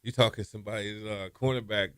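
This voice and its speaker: A man, a former quarterback, telling stories in a radio interview, relaxed and trailing off softly. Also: on the low side, fast, smooth, no room sound, studio quality. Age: 50s. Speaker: former college quarterback guest. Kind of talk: interview storytelling. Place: radio studio.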